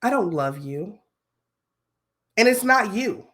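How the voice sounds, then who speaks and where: A woman's voice: mid-range voice, very animated, takes it slowly, fairly bright tone. A woman putting on an acting voice to read a monologue as a young female college student who bluntly confesses to her boyfriend that she is gay. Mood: blunt, weary. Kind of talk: comic dramatic reading.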